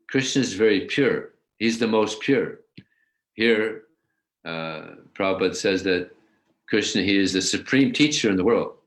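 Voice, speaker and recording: A man giving a scripture class, explaining a verse and telling stories in an animated way. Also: sits low. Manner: animated storyteller, acts out voices. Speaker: religious teacher.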